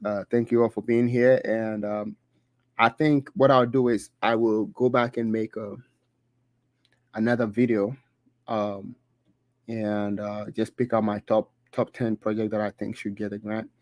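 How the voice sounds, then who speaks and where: A man's voice: lowish voice, little pitch movement, a little mellow, no room sound. Man with a dry, fading voice. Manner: halting, many fillers and restarts while reading through a list. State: dry throat, losing his voice. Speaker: crypto channel host. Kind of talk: casual solo livestream commentary.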